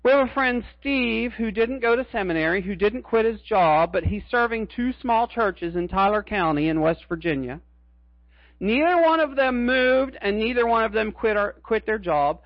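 A man's voice: sits high, lively intonation, normal speed, no room sound, dull audio. A middle-aged man preaching a sermon as a pastor, earnest and emphatic, repeating his key phrases.

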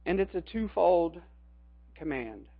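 A man's voice: on the high side, animated, takes it slowly, dry recording, phone-quality sound. A middle-aged man preaching a sermon as a pastor, earnest and emphatic, repeating his key phrases.

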